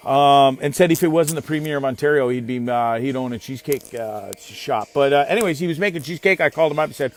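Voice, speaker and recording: A man hosting a casual live stream, rambling excitedly and greeting viewers by name. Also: medium pitch, fast, few pauses. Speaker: host of a live online show.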